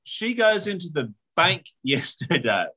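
A man's voice: high voice, big pitch swings, measured pace, pushed and bright, slightly rough, rough recording. A man with an Australian accent, hosting a podcast and animatedly telling a story with swearing and laughter in casual chat. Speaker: podcast host.

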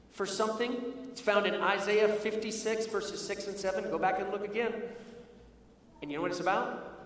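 A man preaching a sermon, telling a personal story and slowing down for earnest emphasis. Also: high voice, slight background noise. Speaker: pastor. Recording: echoey hall from far off.

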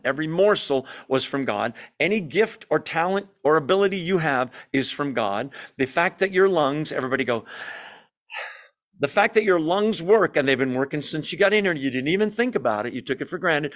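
A man with a somewhat high voice leads an evening Bible study. He teaches with lively emphasis, often stops to put questions to the group, and now and then pokes fun at himself. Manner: self-deprecating asides.

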